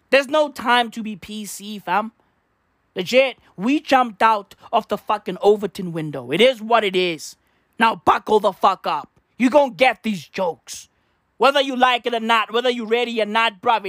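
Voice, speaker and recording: A man's voice: sits high, a little slow, a bit bright, no room sound, clean studio sound. A man hosting a podcast in a rambling, profane comedic monologue. He repeats himself and fills his talk with slang and swearing. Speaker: podcast host.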